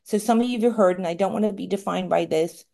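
Woman, middle-aged, candid personal share, rambling, self-deprecating, tearful at times, medium pitch. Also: quick pace, creaky, mellow. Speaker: recovery meeting speaker. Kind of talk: personal share at a support meeting.

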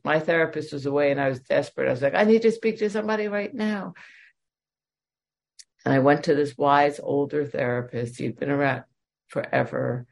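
A woman's voice: low voice, creaky. A woman in her forties sharing a candid, emotional personal testimony with self-deprecating humor at a recovery meeting. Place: at home.

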